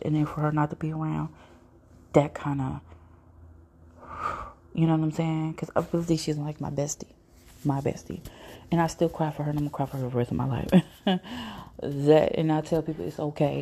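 A woman's voice: low voice, vocal fry, dark tone. A woman hosting her own podcast, telling personal stories in a blunt, profane, casual monologue. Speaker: podcast host.

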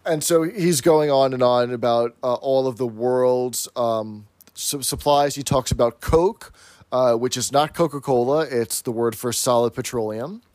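A man's voice: medium pitch, measured pace, a little mellow, dry recording. Dry-sounding man recapping a sitcom. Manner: recapping, plot by plot. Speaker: podcast co-host. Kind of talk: casual chat recapping a sitcom episode.

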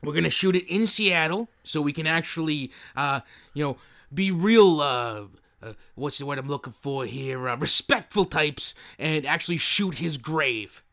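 A man playing a scheming male film producer in a comedy sketch, rambling and halting with lots of fillers. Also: fairly high pitch, expressive, sharp tone.

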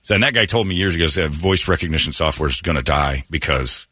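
A man hosting a morning radio show, telling stories in casual banter and slipping into quick impressions. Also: very deep voice, no echo. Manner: storytelling, animated, slips into impressions.

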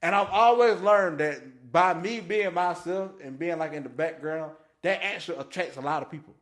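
A man's voice: a little high, normal speed. A man hosting a podcast, telling stories in a casual, slangy way, laughing often and acting out what people said. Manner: animated, slangy, laughs often, acts out quotes. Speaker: podcast host. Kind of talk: casual storytelling chat. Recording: echoey room.

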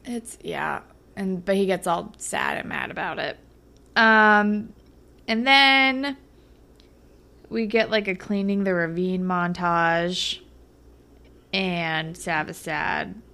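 A woman's voice: slow, gravelly, pauses often. A young woman co-hosting a casual podcast, recapping a TV episode with laughter and playful quoted lines. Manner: animated, laughing, acts out quoted lines in a higher voice. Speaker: podcast co-host.

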